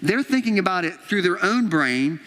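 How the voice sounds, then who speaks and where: A male pastor delivers an energetic sermon, retelling a Bible story and slipping into the voices of its characters. His voice sits high for a man and carries a long reverb from a large church hall. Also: normal speed. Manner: animated storytelling, acting out the characters' lines. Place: church auditorium.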